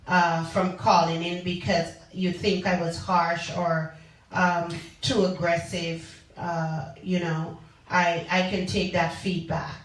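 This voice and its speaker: Slow, chatty woman radio host in an echoey room. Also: on the low side, level tone. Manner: slow, chatty, calls out listeners by name. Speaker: radio talk show host. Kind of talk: call-in radio show. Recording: echoey, distant from the mic.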